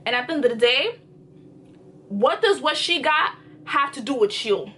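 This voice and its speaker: A young woman vlogger telling a storytime in an animated, expressive way. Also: high-pitched, normal speed. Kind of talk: storytime vlog.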